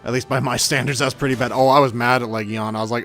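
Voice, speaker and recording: A man's voice: mid-range voice, steady tone, fast talker, fairly bright tone, faint music behind. A man giving casual gameplay commentary as a channel host, chatty and self-mocking with grumbling asides.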